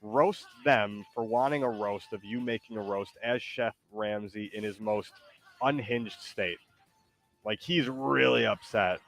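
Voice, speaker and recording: A man hosting a casual stream, talking in a hesitant, rambling way with lots of pauses. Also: on the low side, vocal fry, a bit bright, soft background music. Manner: hesitant, rambling, many ums. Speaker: streamer host.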